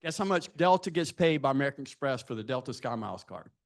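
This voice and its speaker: A man's voice: mid-range voice, animated, quick pace, creaky. A man in his sixties speaking to students at a live event, telling self-deprecating career stories and asking the audience direct questions. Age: 60s. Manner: anecdotal, self-deprecating storytelling.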